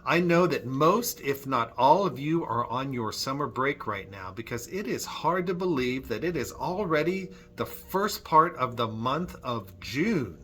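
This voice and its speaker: A man's voice: mid-range voice, sing-song, measured pace, few pauses, a bit bright. A man leading a children's Sunday school music lesson at church, friendly and patient, clapping and chanting rhythms.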